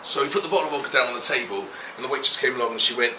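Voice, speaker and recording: A man's voice: mid-range voice, very fast, hardly any pauses, reverberant, slight background noise, poor audio. A man telling a story casually, swearing freely and acting out the people in it. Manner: animated, profane, acts out quoted people. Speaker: travel documentary host.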